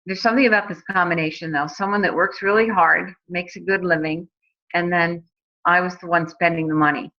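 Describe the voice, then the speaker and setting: Woman, 40s, casual testimonial, chatty with restarts; lowish bright voice, muffled lo-fi sound. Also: fairly even intonation, a little fast. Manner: chatty, many fillers and restarts. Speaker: guest telling her story. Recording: dull lo-fi recording.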